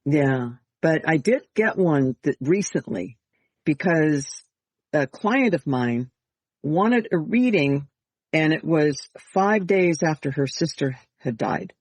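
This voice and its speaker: A man hosting a casual podcast conversation as a medium, talking in a calm, measured, explanatory way. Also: a little high, no echo.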